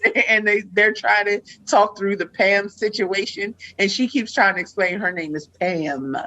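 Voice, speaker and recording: A woman's voice: mid-range voice, moderate pace, sharp tone. Woman podcaster ranting, cussing, laughing a lot, kinda muffled lo-fi audio. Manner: profane ranting, laughs often. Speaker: podcast host. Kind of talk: casual chat. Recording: dull lo-fi sound.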